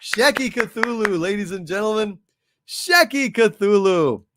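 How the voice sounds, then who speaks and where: A man's voice: high-pitched, measured pace, noisy background. A man hosting a casual live stream, telling jokes and reading viewer messages aloud. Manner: animated, reads viewer messages and tells jokes. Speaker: livestream host.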